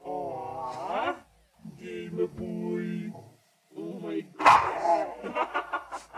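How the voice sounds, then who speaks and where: A man's voice: high-pitched, lively intonation, very slow, heavy background noise. Man cooing baby talk to a dog. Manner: cooing, gushing, laughing. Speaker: streamer. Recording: music playing loudly behind.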